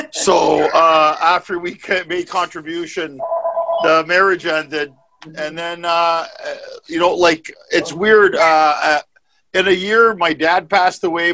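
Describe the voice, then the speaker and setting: Bright-voiced rambling comedian man. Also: on the high side. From Canada. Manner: rambling, self-mocking. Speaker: stand-up comedian. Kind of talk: casual panel chat.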